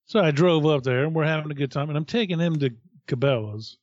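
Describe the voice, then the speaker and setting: A middle-aged man, a podcast co-host, telling a profane, animated story in casual chat. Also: on the high side, fast talker, dry recording, highs cut off.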